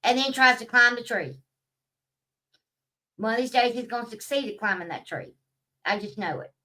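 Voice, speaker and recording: A woman's voice: on the high side, normal speed, bright, forceful tone, far from the mic, poor audio. A woman, talking in a blunt, profane, casual vlog rant and laughing at her own stories. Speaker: vlogger. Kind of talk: casual ranting monologue.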